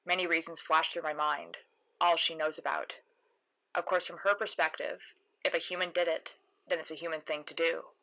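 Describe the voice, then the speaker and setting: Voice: medium pitch, fairly even intonation, a little fast, gravelly, sharp tone, lo-fi sound. A narrator telling a horror mystery podcast story in the first person, in a sardonic, sarcastic manner.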